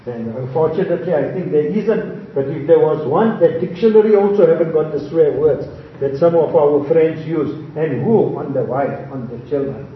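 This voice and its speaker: A man gives a sermon to his congregation and teaches through anecdotes and wry, humorous asides. His voice sits a little high for a man. It comes from far off the mic in a strongly echoing hall, with a dull, lo-fi sound. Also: normal speed, hardly any pauses, slight background noise. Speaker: Islamic preacher.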